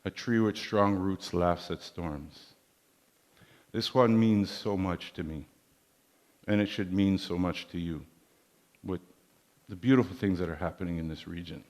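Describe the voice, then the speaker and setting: A man giving a motivational leadership talk in a large hall, measured and preacherly, with proverbs. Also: low-pitched, darkish tone. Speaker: keynote speaker. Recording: long hall reverb.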